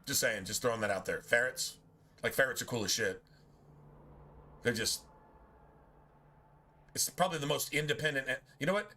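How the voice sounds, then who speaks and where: A man's voice: medium pitch, normal speed, long pauses, bright, forceful tone. A man giving blunt, profane, rambling commentary while streaming a video game. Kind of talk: casual gameplay commentary.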